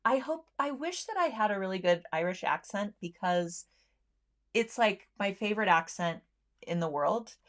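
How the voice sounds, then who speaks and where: A woman's voice: mid-range voice, lively intonation, moderate pace, a bit bright. A woman hosting a sewing livestream, chatting casually with viewers, friendly, with lots of ums and easy laughs.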